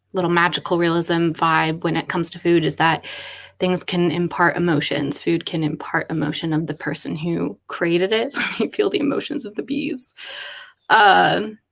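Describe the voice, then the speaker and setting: A woman writer chatting casually on a live stream, thinking aloud in a rambling way with quick asides. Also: fairly low pitch, vocal fry, a bit bright. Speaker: writer livestreaming with chat.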